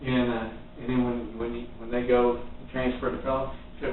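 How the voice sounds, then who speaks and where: A man's voice: medium pitch, little pitch movement, normal speed, hardly any pauses. Folksy man in an echoey room. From Western Kentucky. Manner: folksy and rambling, laughing often. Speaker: sales trainer. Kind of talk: motivational talk. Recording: echoey, distant, tinny phone-like audio with faint noise.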